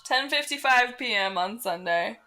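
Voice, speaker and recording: Drunk young woman, bright, sarcastic. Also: a little high, expressive, normal speed. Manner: dry, sarcastic quips. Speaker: podcast co-host. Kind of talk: casual chat.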